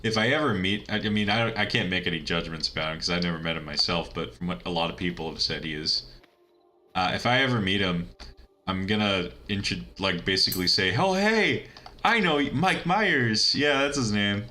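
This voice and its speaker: A man's voice: low voice, fairly even intonation, a little fast, sharp tone. A man giving casual, rambling commentary while playing a video game, chatty and laughing at his own asides. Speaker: let's-play gamer.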